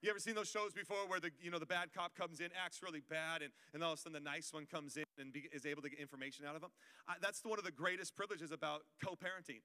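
A man's voice: a little high, fairly even intonation, very fast, bright, forceful tone, smooth. A male pastor preaching a sermon in a conversational, joking way, calling out to the congregation. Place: church auditorium. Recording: long reverb of a church hall.

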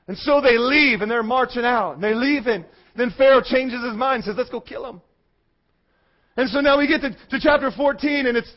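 A male pastor preaching a sermon, swinging from loud shouting to a hushed, intense murmur. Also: extremely high pitch, dull audio.

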